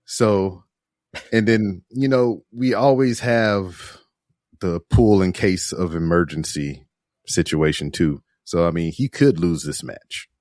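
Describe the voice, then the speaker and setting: A man's voice: low-pitched, slow, a little mellow, no echo, clean studio sound. A man co-hosting a casual wrestling podcast who laughs a lot and throws in jokey asides. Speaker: podcast co-host.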